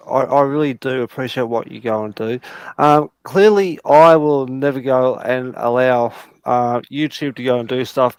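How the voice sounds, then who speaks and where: A man's voice: medium pitch, clean tone, no echo. An Australian man chatting on a panel call, rambling and self-deprecating, with heavy swearing. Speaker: panel guest. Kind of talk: casual chat.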